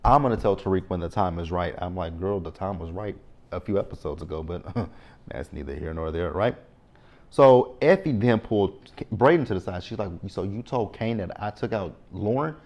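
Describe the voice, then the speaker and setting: Male host, 30s, somewhat low voice, talkative recap style, animated asides. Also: normal speed. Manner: chatty, frequent "right?" asides, animated reactions. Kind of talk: casual TV episode recap.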